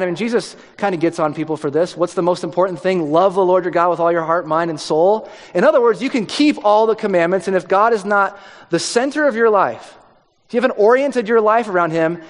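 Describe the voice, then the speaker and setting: A man preaching a sermon in a conversational way, dropping his voice low for emphasis. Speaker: pastor. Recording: long hall reverb.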